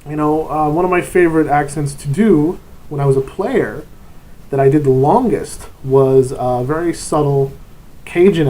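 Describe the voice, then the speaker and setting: A man's voice: mid-range voice, warm tone, a little hiss or hum, poor audio. A man giving casual, rambling advice as a tabletop game master, wandering off topic and dropping into brief put-on voices. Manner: rambling and digressive, often breaking into short put-on voices.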